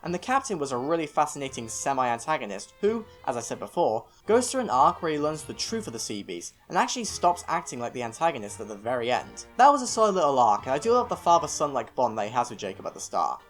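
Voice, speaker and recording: A man's voice: mid-range voice, big pitch swings, fast, hardly any pauses, faint music behind. A young British man reading a scripted film review, opinionated and self-mocking with rambling asides. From United Kingdom.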